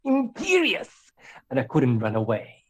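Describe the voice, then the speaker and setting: A man's voice: a little high, very animated, measured pace, darkish tone. Giggly young man reading fan fiction. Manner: giggly, breaks into laughter often. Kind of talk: comedic dramatic reading with commentary.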